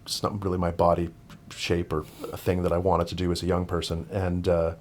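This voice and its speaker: Podcast guest: a man with a lowish voice, rambling through a casual story, full of restarts. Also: monotone, a little fast. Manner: rambling, many restarts and fillers.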